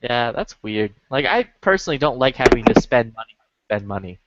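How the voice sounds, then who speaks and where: A man's voice: mid-range voice, big pitch swings, a little fast, very noisy. A man telling rambling stories in casual chat, swearing a lot. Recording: dull lo-fi stream audio.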